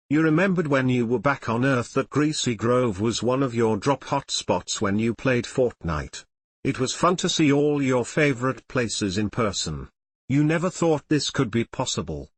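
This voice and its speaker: Male narrator for a fan fiction audiobook; animated and expressive, dry read. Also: medium pitch, unhurried, breathy edge, dry recording. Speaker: reader.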